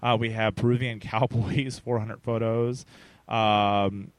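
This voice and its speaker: A man's voice: fairly low pitch, little pitch movement, slow, no room sound. A man hosting a casual podcast chat, frank and bawdy, laughing often and stumbling over his words. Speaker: podcast host.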